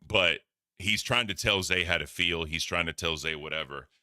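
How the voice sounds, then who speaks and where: Deep-voiced blunt male stream host. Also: moderate pace, bright, forceful tone, clean tone, dry recording, clean studio sound. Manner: blunt, rambling, profane. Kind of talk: casual commentary on stream clips.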